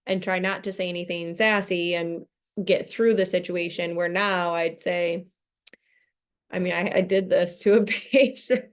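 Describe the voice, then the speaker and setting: A woman's voice: fairly low pitch, steady tone, a little slow, clear, resonant tone. A woman hosting a casual book club chat over a video call, talking animatedly, laughing often and acting out quoted voices.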